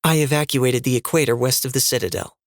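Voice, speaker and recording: A man's voice: medium pitch, steady tone, fast, no echo, clean studio sound, close to an everyday voice. A man voicing a defiant, fierce woman rebel leader in an audiobook reading, cutting and sarcastic in tone.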